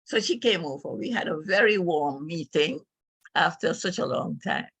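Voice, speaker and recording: An older woman giving a speech, telling a personal family story in an emotional, halting storyteller's way. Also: low voice, lively intonation, fairly bright tone, slightly rough, dry recording. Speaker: speaker at a club meeting.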